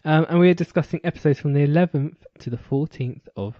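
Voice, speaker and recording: Chatty podcast host, dry dull sound. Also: male voice, a little high, fast, mellow, dry recording. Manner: chatty, laughs often, uses "like" a lot. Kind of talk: casual chat.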